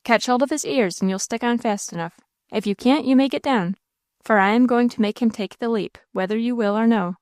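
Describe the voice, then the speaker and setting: A woman reading an audiobook voices a rough, bullying country man who speaks in a coarse rural dialect and taunts coolly. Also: on the high side, a little fast, darkish tone, dry recording, clean studio sound, natural voice. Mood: taunting. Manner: cool, taunting.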